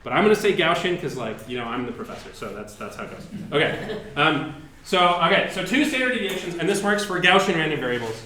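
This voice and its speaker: A man's voice: fairly high pitch, sing-song, fairly quick, pushed and bright, slight background noise. A man who is a professor gives a university lecture in a casual, chatty way, with lots of fillers and restarts. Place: lecture hall. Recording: echoey lecture room.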